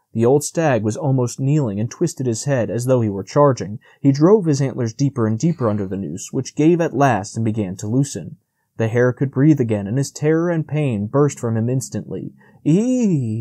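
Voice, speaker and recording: A man narrates a classic storybook in a calm, measured way, his voice mellow and warm. The recording is dry and close with no room sound. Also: medium pitch, dry recording. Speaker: audiobook narrator. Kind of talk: scripted narration.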